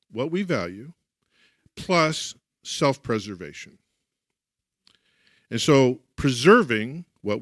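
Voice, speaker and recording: Storytelling minister, dry close sound. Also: male voice, mid-range voice, dry recording. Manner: rambling, self-correcting storyteller. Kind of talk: conversational sermon.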